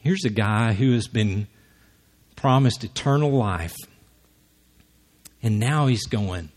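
A man's voice: lowish voice, slow, long pauses, darkish tone. A man preaching a conversational sermon who acts out the lines he quotes.

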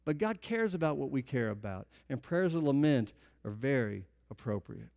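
A man's voice: medium pitch, very animated, normal speed, vocal fry, a little mellow. A middle-aged man preaching a conversational sermon to a church congregation, often putting questions to the listeners. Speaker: pastor.

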